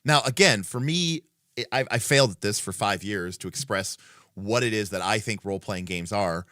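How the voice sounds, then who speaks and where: A man's voice: lowish voice, normal speed, a bit bright, dry recording, studio quality. A man hosting a casual livestream who thinks aloud, with many fillers and restarts, in an emphatic, opinionated way. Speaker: livestream host.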